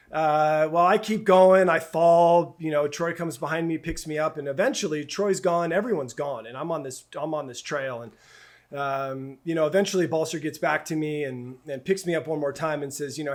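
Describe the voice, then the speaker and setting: A middle-aged man with a somewhat high voice tells a personal story as an interview guest. He speaks in a halting, heartfelt way, stumbling over restarts and repeating words as he gathers his thoughts. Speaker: camp director guest.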